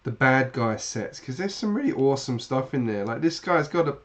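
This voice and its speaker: A man's voice: medium pitch, animated, a little fast, fairly bright tone. A man with a British accent, chatting casually to viewers on a live stream while building, rambling with many fillers and restarts. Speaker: LEGO channel host.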